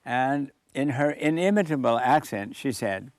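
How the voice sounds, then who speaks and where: A man's voice: a little high, normal speed, dry recording. A man telling folksy, joking stories about making telescopes, acting out the voices in his anecdotes. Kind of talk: storytelling talk.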